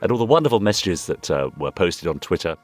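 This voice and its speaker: A man's voice: deep voice, sing-song, quick pace, soft background music. A man co-hosting a podcast in casual chat, playful and jokey in his banter. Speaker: podcast co-host. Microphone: remote recording.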